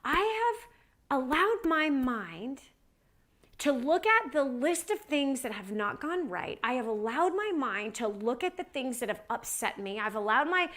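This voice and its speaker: Slightly high-voiced woman telling a sermon story. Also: sharp tone. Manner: conversational, tag questions and fillers; emphatic, repeats phrases for stress. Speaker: Christian speaker.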